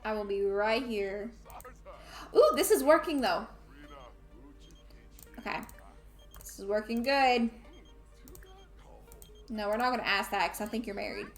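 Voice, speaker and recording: A woman's voice: medium pitch, unhurried, pauses often, reverberant, soft background music. A woman playing a life simulation game, chatting playfully and scolding her characters. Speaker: gamer streaming a life sim. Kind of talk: casual let's play commentary.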